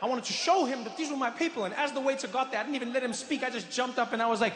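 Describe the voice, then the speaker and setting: A man from South Africa telling a stand-up comedy story, animated and breaking into shouted punchlines. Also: very high-pitched, racing, hardly any pauses. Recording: echoey theatre hall with ambient noise.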